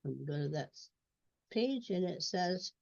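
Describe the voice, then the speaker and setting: Slow, gravelly woman walking through a lesson. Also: lowish voice, expressive, darkish tone, no room sound. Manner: slow, stepwise, repeats sounds and words. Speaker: reading tutor. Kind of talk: instructional screen walkthrough. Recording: dull lo-fi recording.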